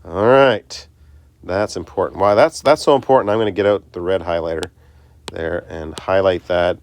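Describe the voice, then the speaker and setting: A man's voice: low voice, moderate pace, slight background noise. A man teaching a recorded math lesson, chatty and self-interrupting, talking students through each step.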